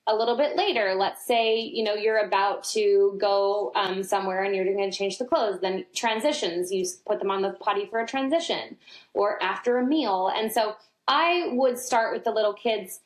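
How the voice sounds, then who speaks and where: Middle-aged woman guest explaining potty training, chatty and lively, a bit of room echo on her voice. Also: moderate pace. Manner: animated storyteller, acts out her toddler in a high voice. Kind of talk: casual interview talk. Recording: roomy echo.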